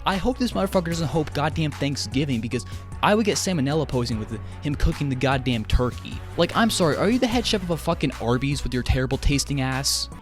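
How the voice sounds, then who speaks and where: A man's voice: mid-range voice, animated, quick pace, soft background music. A man ranting in an online commentary video, exasperated and swearing heavily as he jumps between tangents. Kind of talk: profane commentary rant.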